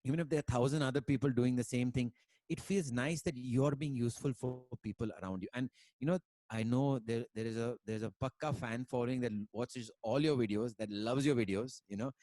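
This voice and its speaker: A man's voice: mid-range voice, a little fast, dark tone, no echo. A man from India, a musician talking casually on a video call, rambling with many fillers and dropping in Hindi words. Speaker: musician guest. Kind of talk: casual conversation and storytelling.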